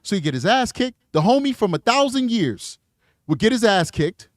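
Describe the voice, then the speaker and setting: A man hosting a live commentary stream, talking in an animated, slangy, emphatic way. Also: high-pitched, normal speed, no room sound, studio quality. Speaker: livestream commentary host.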